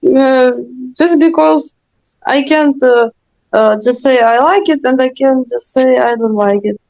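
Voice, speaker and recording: A woman student gives a hesitant answer full of fillers, her voice fairly high. The call audio is dull and lo-fi. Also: measured pace, darkish tone, dry recording. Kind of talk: answering in an online lesson. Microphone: video call.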